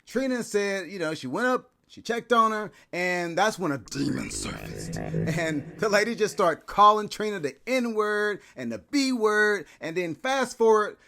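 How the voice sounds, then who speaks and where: A man's voice: high-pitched, sing-song, measured pace, vocal fry, bright, forceful tone. A man hosting a commentary video, talking in a chatty way with lots of fillers. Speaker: commentary channel host. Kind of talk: casual commentary.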